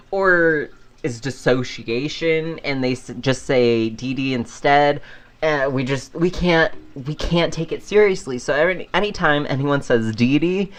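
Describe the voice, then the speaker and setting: A podcast host chats casually on their own in a mid-range voice at normal speed, rambling and laughing often, with frequent fillers and restarts.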